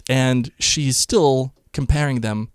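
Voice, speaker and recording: A man co-hosting a casual podcast chat about a TV episode, talking in an animated way and slipping into quick character voices. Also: medium pitch, clean tone, no echo, clean studio sound. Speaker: podcast co-host.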